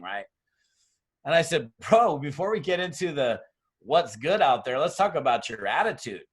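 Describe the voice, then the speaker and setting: A man's voice: mid-range voice, sing-song, a little fast. A middle-aged man giving blunt, tough business training on a webinar, telling stories with acted-out dialogue. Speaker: network marketing trainer. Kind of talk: motivational webinar talk. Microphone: webinar mic.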